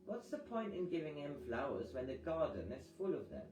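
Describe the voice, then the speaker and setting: A man's voice: a little high, very animated, a little fast. A man reading aloud who voices a terse, impatient young woman speaking curtly. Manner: curt, dismissive. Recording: echoey reading over guitar music.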